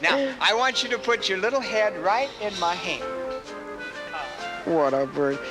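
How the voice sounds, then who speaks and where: A male animal trainer coaxes a bird through its tricks in an encouraging, coaxing way. His voice is high for a man. Music plays behind him. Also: unhurried.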